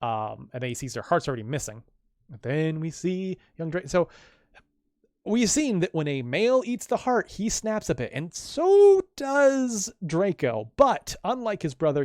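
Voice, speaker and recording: A man's voice: fairly high pitch, no room sound, studio quality. A man, a comic creator, casually reading his own comic aloud and explaining the panels, chatty and full of restarts.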